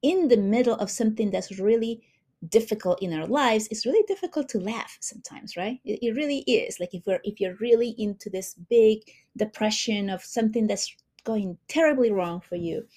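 A woman hosting a spiritual healing talk, speaking gently and addressing her listeners warmly. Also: medium pitch. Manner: slow, soothing, warm-hearted, addresses listeners as beautiful souls.

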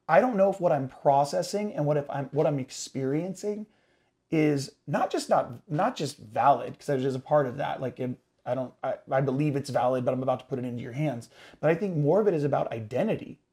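A man talking with his partner, halting and searching for words with many restarts. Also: a little high, mellow. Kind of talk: casual couple's conversation.

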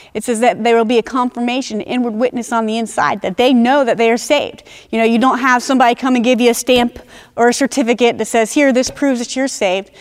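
A woman preaching a sermon in an earnest teaching manner, slowing down to stress key phrases. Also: a little high.

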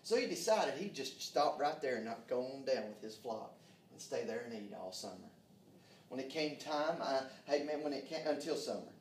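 Fervent preacher in echoey room. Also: male voice, medium pitch, expressive, normal speed, a little hiss or hum. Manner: fervent, calls out amen, drops to hushed tones. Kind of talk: sermon. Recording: echoey room, mic far off.

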